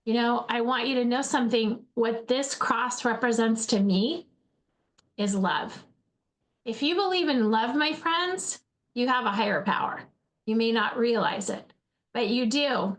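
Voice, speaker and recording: Earnest woman speaker, highish voice. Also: a bit bright. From Alaska. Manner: earnest, addresses listeners as friends, repeats words. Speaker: host, faith-based speaker. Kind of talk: motivational talk to an audience.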